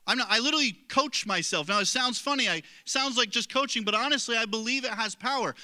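A man's voice: very high voice, quick pace, few pauses, pushed and bright. A middle-aged man preaching a sermon as a pastor, earnest and conversational, with self-deprecating asides to the congregation.

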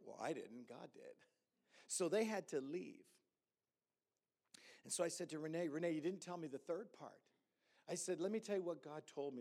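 A man, a pastor, telling a story in a sermon and acting out the dialogue with lively energy. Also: mid-range voice, gravelly, husky. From Hamilton.

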